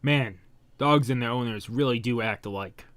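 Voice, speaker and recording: A man voicing a blunt, unbothered young male hero who makes flat, offhand remarks, reading a manga aloud. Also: mid-range voice, moderate pace, no room sound, natural voice.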